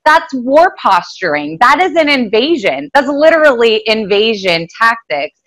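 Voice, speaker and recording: Assertive woman panelist, slightly high. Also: big pitch swings, unhurried, a bit bright, rough recording. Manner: assertive, emphatic. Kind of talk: political commentary chat.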